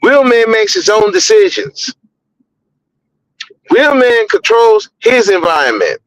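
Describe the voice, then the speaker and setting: Blunt high-voiced man ranting on a podcast. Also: sing-song, slow pace, a bit bright, no room sound, rough recording. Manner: blunt, profane, repeats words when heated. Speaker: podcast host. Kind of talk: opinionated podcast commentary.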